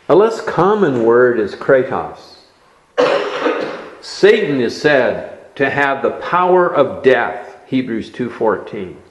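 A man preaching an expository sermon, teaching in a measured way and stressing key words. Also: medium pitch, reverberant, highs cut off.

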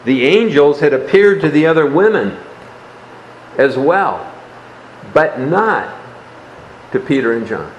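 A man preaching a sermon, explaining a Bible passage in a measured way and dropping his voice softly on key words. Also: fairly high pitch, expressive, roomy sound, a little hiss or hum, poor audio.

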